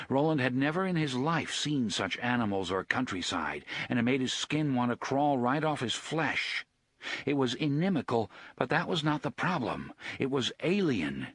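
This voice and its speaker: Husky male audiobook narrator. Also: medium pitch, dry recording, clean studio sound. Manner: expressive, steady reading.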